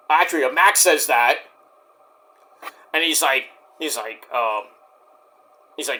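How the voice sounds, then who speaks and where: A man's voice: a little high, measured pace, pauses often. A man giving a casual, profane recap of a wrestling show, acting out the wrestlers' lines as he goes. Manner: profane, excitable, acts out quotes. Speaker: wrestling reviewer.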